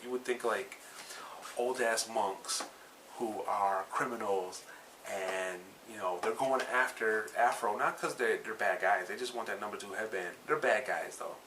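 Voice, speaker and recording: A man with a lowish but bright, forceful voice recaps anime episodes in a loose, rambling way. He swears freely and backtracks to fix his own details. He sits a bit back from the mic, and faint noise hums underneath. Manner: rambling and profane, with many fillers and self-corrections. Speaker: anime reviewer. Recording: slightly distant mic with faint background noise.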